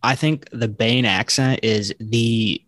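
A man's voice: medium pitch, takes it slowly, fairly bright tone, no room sound, clean studio sound. A man co-hosting a casual podcast chat, laughing easily and poking fun at himself. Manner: laughs easily, self-deprecating. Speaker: podcast co-host.

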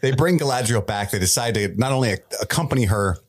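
Male co-host, mid-pitched, lively, loose casual recap with plenty of laughs. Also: fast. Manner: animated, laughing, swearing freely. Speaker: podcast co-host.

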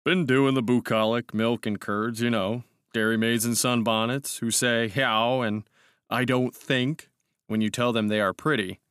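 A man's voice: medium pitch, steady tone, a little slow, a bit bright, smooth, no room sound, studio quality, lightly acted. A man voicing a brash, breezy young male cavalry officer who speaks in a hearty, impatient way.

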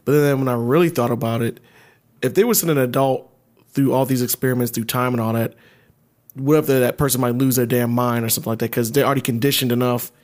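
A man's voice: medium pitch, fast talker. Casual man in a laid-back chat. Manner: relaxed, profane, laughs along. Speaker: podcast co-host.

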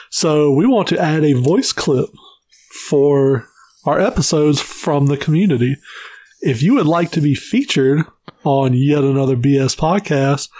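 A man co-hosting a podcast, an animated storyteller who swears freely in casual chat. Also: fairly high pitch, no room sound. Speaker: podcast co-host.

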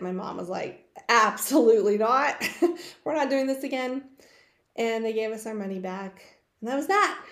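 A woman casually telling personal stories in a chatty, animated way, acting out the voices of the people she quotes. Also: fairly high pitch. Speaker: host sharing personal stories. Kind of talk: casual storytelling. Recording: roomy echo.

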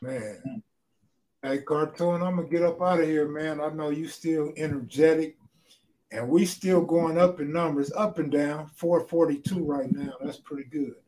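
A man hosting a livestream, closing the show with relaxed, brief casual talk. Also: fairly high pitch, normal speed. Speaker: livestream host.

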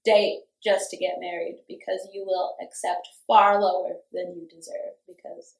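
A woman's voice: fairly low pitch, little pitch movement, normal speed, gravelly, a little mellow. A young woman telling a story in casual chat, acting out quotes and swearing freely. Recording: roomy echo.

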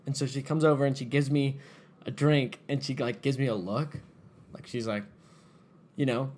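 A man's voice: medium pitch, moderate pace. Casual man acting out a bar story. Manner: animated, acts out quoted voices, frequent "like". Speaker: podcast co-host.

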